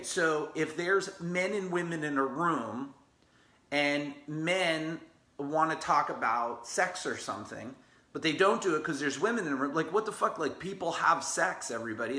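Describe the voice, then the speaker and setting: A man's voice: mid-range voice, pushed and bright. A man coaching business owners in an unscripted live stream, blunt and rambling, swearing casually. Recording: roomy echo.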